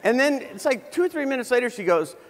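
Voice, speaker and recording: A man's voice: very high-pitched, very animated, fast, noisy background. A middle-aged man giving a humorous keynote on stage, telling a story in a conversational way with many restarts. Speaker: keynote speaker. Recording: reverberant hall.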